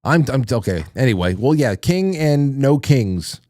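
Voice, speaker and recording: A man's voice: medium pitch, sing-song, unhurried, hardly any pauses, darkish tone, no echo, clean studio sound. A man hosting a casual livestream, reading viewer messages aloud and rambling through his thoughts with fillers and restarts. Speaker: talk show host reading chat messages.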